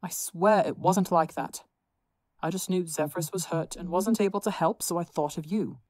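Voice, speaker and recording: A woman's voice: on the low side, moderate pace, darkish tone, no echo, studio quality, close to an everyday voice. A woman voicing a sheepish young male supervillain who speaks in an apologetic, hesitant way.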